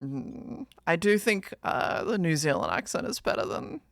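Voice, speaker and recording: Lively Australian woman streamer, dry sound. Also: lowish voice, moderate pace, vocal fry, no room sound. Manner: playful, swearing, teasing. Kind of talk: casual chat.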